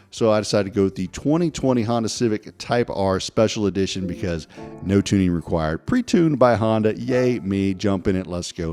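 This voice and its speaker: A man giving casual, joking commentary over racing game footage. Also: fairly low pitch. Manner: chatty, joking, lively. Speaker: gaming video host.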